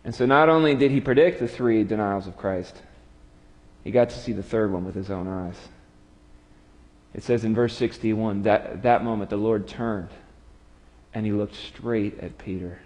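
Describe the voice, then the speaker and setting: A man preaching a sermon, retelling a story with dramatic swings from lively to hushed. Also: fairly low pitch, moderate pace. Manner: storytelling, dramatic drops to quiet. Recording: long hall reverb.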